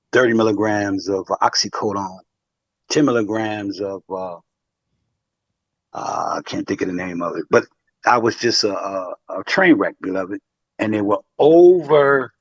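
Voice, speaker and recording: Male caller, low voice, earnest and halting, dry muffled line. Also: no echo. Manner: halting, earnest, many fillers. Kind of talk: testimony on a call-in.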